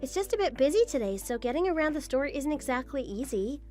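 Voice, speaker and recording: A woman's voice: sits high, very animated, fast talker, darkish tone, soft background music. A woman playing a patient, apologetic young daughter-in-law in a text-story drama. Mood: defensive. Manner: apologetic, mildly defensive.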